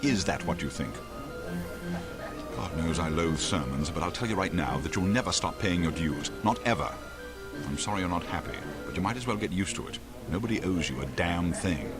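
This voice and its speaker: A man's voice: sits low, expressive, normal speed, loud music behind the voice. An actor playing an aging male spy and mentor, dry and sardonic. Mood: stern, reassuring. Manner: dry, sardonic, world-weary.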